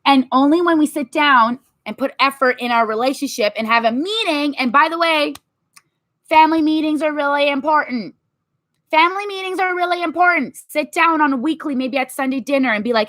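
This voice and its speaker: A woman in her thirties giving emphatic, animated motivational talk to her viewers, acting out little quotes as she goes. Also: high-pitched, a little fast, dry recording. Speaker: vlogger.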